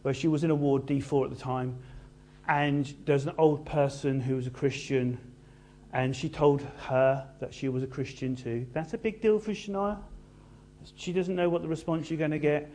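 A man preaching a sermon in an animated, conversational way with playful asides. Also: fairly high pitch, normal speed.

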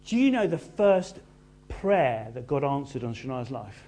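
A man preaching a sermon in an animated, conversational way with playful asides. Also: mid-range voice, measured pace.

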